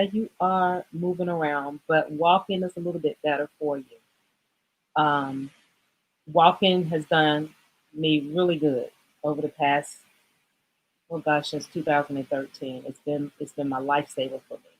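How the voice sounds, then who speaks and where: A woman's voice: lowish voice, low-quality recording. A woman hosting a casual fitness livestream, talking in a rambling, emotional way, choked up and apologizing as she goes. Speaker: livestream host.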